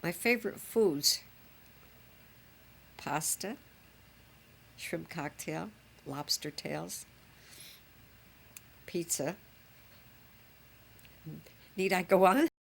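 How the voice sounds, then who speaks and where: A woman's voice: fairly low pitch, expressive, drawn-out words, vocal fry, long pauses, a bit bright. An older woman, a grandmother reminiscing fondly in a chatty, rambling way. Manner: chatty, fond, rambling with fillers. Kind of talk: reminiscing home recording.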